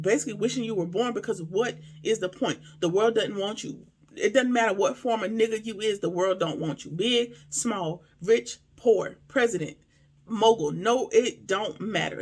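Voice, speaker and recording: Speaking at a medium pitch, someone recaps and comments on a TV episode in a casual way. They stay emphatic, talk directly to the audience and pose rhetorical questions.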